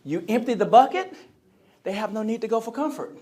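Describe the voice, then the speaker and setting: A man delivering a motivational keynote in a convention center hall, his voice sitting a bit higher than most men's. He speaks with energy, keeps checking in with the crowd, and drops into other people's voices to act out little scenes. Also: a little fast. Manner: energetic, call-and-response with the crowd; acts out quoted voices. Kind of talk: live keynote speech to an audience.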